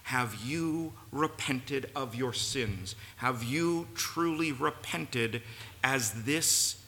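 A pastor delivers an earnest sermon very slowly, his mid-range voice bright and forceful as he builds to emphatic peaks. It's recorded in a church sanctuary with long reverb and faint room noise.

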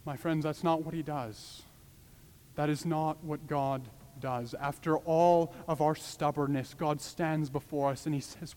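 A man's voice: on the high side, steady tone, unhurried, a little mellow. Impassioned male preacher in a reverberant hall. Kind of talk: sermon.

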